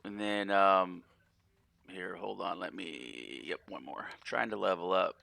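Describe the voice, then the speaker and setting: A man's voice: low voice, unhurried, gravelly, sharp tone, no room sound. A man casually commenting on his gameplay in a rambling, profane way, often repeating and restarting words. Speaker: gaming channel host.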